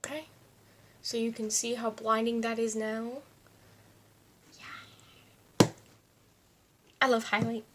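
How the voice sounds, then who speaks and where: A woman's voice: a little high, completely flat delivery, slow, pauses often, a bit bright, a little hiss or hum. Chatty woman doing a makeup tutorial. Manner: chatty, talks to herself while applying makeup. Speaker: beauty vlogger. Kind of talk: casual makeup tutorial talk. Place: home, indoors.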